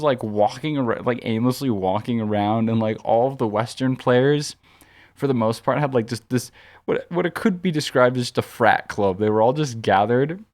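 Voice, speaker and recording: A man co-hosting a podcast, telling a long anecdote in a casual, rambling way full of "like" and restarts. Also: medium pitch. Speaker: podcast co-host. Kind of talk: casual storytelling chat.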